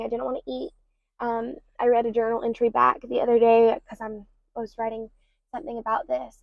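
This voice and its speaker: Young woman with a gravelly, higher voice. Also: no echo. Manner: candid, rambling, many ums and likes. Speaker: podcast host. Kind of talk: personal confessional podcast talk. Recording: slightly dull lo-fi recording.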